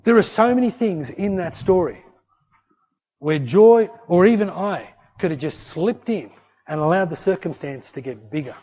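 Preaching at a moderate pace in a high-pitched voice, a man acts out the voices of the characters in a lively sermon story. The recording comes across dull and lo-fi.

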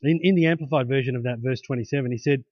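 A man's voice: medium pitch, racing, dry recording. A pastor preaching a sermon in a conversational way, often tagging his points with "hey?" and restarting his sentences. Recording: dull lo-fi, dry.

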